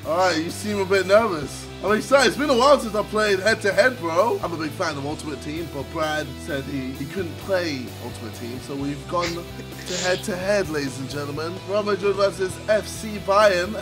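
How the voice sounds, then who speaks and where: A young man commentating his own gameplay, yelling, swearing and trash-talking his opponent. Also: high-pitched, animated, normal speed. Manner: loud, swearing trash talk, yelling at the game. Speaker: gaming channel host. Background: music.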